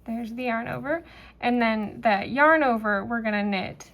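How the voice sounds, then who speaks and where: Slow, relaxed woman teaching knitting. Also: on the high side. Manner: relaxed, talks while knitting, fillers and pauses. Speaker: knitting instructor. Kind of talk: step-by-step craft tutorial.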